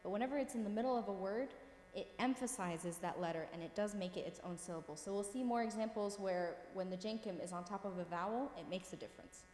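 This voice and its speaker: Woman teacher, mid-pitched, encouraging; recorded in an echoey hall with faint noise. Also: fast talker, few pauses, darkish tone. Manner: patient, encouraging, checks in often. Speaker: Coptic language teacher. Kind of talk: classroom lesson, reading words aloud. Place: classroom. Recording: roomy echo with long reverb, faint room noise.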